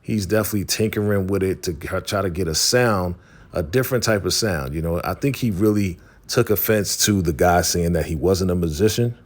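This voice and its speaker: A man's voice: deep voice, fairly quick. A man hosting a casual recap vlog, laid-back and calling his viewers family. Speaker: host of a TV recap channel.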